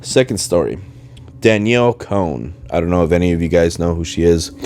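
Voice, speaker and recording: Animated and a little fast, his low-pitched, darkish voice carries a slight Spanish accent with rolled R's as he hosts a rambling podcast from home. He often loses his train of thought. Slight background noise includes a running dishwasher and faint video game music.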